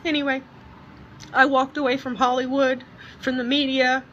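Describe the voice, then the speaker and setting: A woman speaking earnestly and emotionally in a personal video message, often halting and restarting. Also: sits high, level tone, fairly bright tone, highs cut off, a little hiss or hum. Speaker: vlogger.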